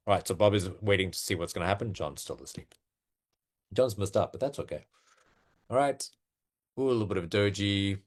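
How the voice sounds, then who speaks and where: Man, fairly low voice, informal webinar presenter, breaks into excited bursts. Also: fairly quick. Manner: animated, with sudden excited exclamations; chatty and informal, often asking "all right?". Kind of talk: live trading walkthrough.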